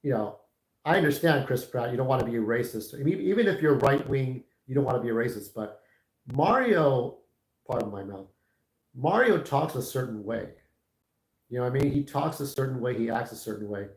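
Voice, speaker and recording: A man's voice: mid-range voice, lively intonation, a little fast, poor audio. A man in his forties chatting casually on a livestream, candid and opinionated, talking straight to his viewers. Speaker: YouTube livestreamer.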